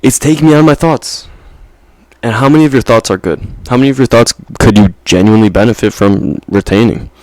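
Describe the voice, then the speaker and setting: A man's voice: mid-range voice, fairly quick, a little mellow, no room sound. A young man vlogging in a casual, rambling monologue, peppered with slang and "right?" checks.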